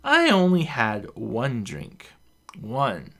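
A kind, patient young soldier with a steady, middle-pitched male voice, as the narrator reads him. He speaks calmly, with a gently teasing edge. It sounds like a storybook reading. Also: extremely slow, heavily acted.

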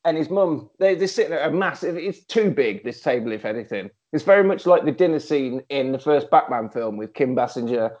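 A British man co-hosting a podcast, retelling a film's plot in a casual, animated way and laughing often. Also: medium pitch, brisk, few pauses, dull audio. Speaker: podcast co-host. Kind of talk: casual film recap chat.

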